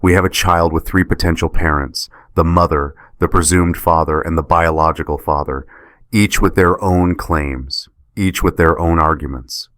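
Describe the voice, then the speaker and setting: A man's voice: low voice, no room sound, studio quality. A man reading as a stern female judge. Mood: measured. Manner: measured and steady. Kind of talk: scripted story narration.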